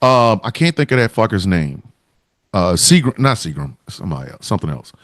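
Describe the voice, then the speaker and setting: Animated, profane man riffing. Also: low-pitched, fairly quick, no room sound, studio quality. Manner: profane, animated, acts out quotes. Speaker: podcast host. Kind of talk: casual comedic chat.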